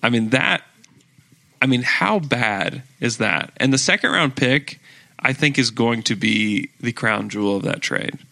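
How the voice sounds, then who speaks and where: A man hosting a casual sports podcast, rambling through his points and laughing often. His voice is bright, at a middling pitch. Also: expressive, measured pace, creaky. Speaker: podcast host.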